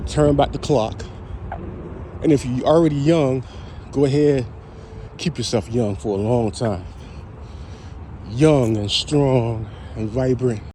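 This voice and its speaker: This wellness vlogger speaks slowly with long pauses, his medium-pitched voice mellow, and there's a little hiss or hum on the audio. Out walking a route with trees, he offers viewers casual, encouraging motivation.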